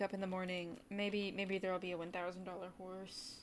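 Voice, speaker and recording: A woman's voice: fairly low pitch, flat delivery, quick pace, slight background noise. A woman streamer giving casual running commentary on a game. She talks to her chat and sometimes drops into short whispered asides. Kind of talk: casual gaming livestream commentary. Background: faint keyboard typing.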